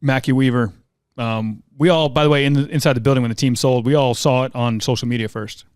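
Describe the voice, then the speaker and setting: A man's voice: mid-range voice, quick pace, clean tone, dry recording, studio quality. A man in his forties, a former mascot performer, telling stories as a podcast guest and acting out the dialogue he quotes. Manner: animated storyteller who acts out quoted dialogue. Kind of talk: casual interview storytelling.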